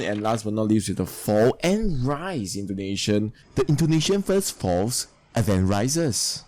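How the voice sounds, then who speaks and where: A man's voice: mid-range voice, darkish tone, no room sound. A man teaching a recorded lesson, explaining steadily and spelling out examples. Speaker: English teacher.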